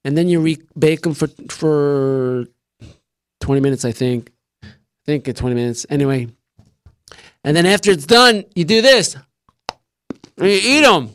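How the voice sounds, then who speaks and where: This live-stream host, seated at a desk in a small room, has a fairly high, smooth, animated voice and talks at normal speed with frequent pauses. Rambling and jokey, he explains a recipe while chewing. The sound is clean studio quality without echo.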